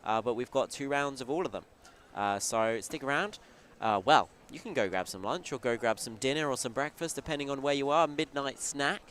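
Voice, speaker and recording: A man doing live play-by-play commentary at a competition, quick and upbeat. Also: medium pitch, fairly bright tone, a little hiss or hum.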